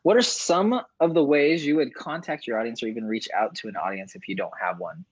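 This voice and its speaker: A man's voice: mid-range voice, fairly quick, husky, dry recording, dull audio. A man co-hosting a casual webinar, teasing the host dryly and reading questions. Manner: teasing, dry.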